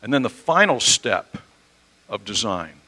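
Guy preaching a sermon, bright edgy voice, chatty, uses everyday examples. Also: fairly low pitch, big pitch swings, unhurried, poor audio. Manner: conversational teaching with homely examples and self-corrections.

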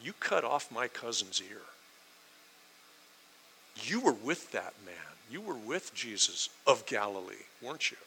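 A bitter young servant woman, put on by a male preacher accuses a man to his face in a low, steady voice. Her tone is very bright and pointed. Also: unhurried, vocal fry, a little hiss or hum, heavily acted, low-quality recording. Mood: accusing.

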